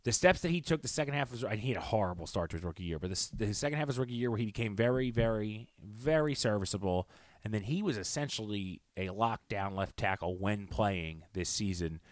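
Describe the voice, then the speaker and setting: A man's voice: fairly low pitch, lively intonation, fast talker, no room sound. A man co-hosting a sports podcast, giving his opinions in long runs with frequent restarts. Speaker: podcast co-host. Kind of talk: casual sports talk.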